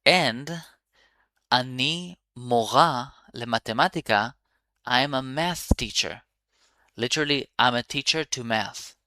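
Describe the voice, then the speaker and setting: A man teaching a beginner language lesson, upbeat and encouraging, repeating words slowly so learners can follow. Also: medium pitch, pushed and bright, clear, resonant tone, no room sound.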